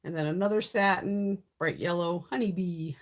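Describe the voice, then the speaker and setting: A woman's voice: on the low side, moderate pace. A woman hosting a casual beauty haul live stream, chatty and blunt, swearing freely as she greets viewers. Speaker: beauty livestream host.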